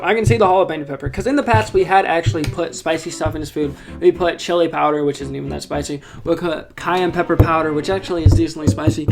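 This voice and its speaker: A young man hosting a podcast, casually telling funny stories with jokey, animated delivery and sudden loud asides. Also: fairly high pitch, quick pace. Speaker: podcast host. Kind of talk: casual storytelling. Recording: background music under the voice.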